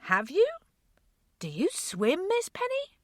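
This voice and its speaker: Woman voicing a kindly housekeeper, gently teasing, lively pitch, dry sound. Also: slow pace, no room sound, full character voice. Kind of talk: audiobook character voice.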